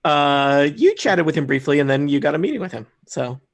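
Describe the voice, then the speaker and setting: A man's voice: on the high side, sing-song, brisk, dry recording. A man acting as game master of a tabletop game, rambling and laughing as he sets the scene. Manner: rambling, laughing, self-correcting. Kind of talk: running a tabletop game, casual banter.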